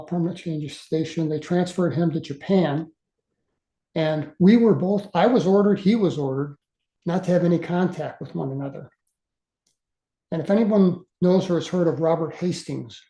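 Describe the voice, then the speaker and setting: A man in his sixties tells his story as a guest speaker, earnest and halting, with frequent uhs and restarts. His voice is mellow and dark. It was recorded with a roomy echo around it. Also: on the high side. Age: 60s. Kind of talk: casual storytelling.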